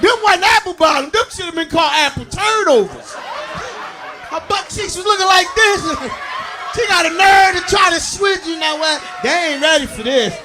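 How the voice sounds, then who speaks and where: A man doing a stand-up comedy routine on stage, boisterous and talking straight to the audience, laughing through his lines and shouting his punchlines. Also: very high voice, lively intonation, moderate pace, crowd noise, noisy background.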